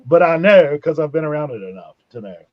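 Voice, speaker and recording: A man's voice: on the high side, sing-song, fast, no echo. Earnest man on dull, lo-fi audio. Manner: earnest, filler-heavy advice. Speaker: podcast guest. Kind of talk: casual live podcast chat.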